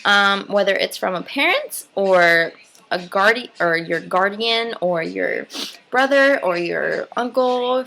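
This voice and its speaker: Earnest woman with a gravelly, bright voice. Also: mid-range voice, rough recording. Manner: earnest, rambling, swears freely. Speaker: vlogger. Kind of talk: casual heartfelt talk to camera.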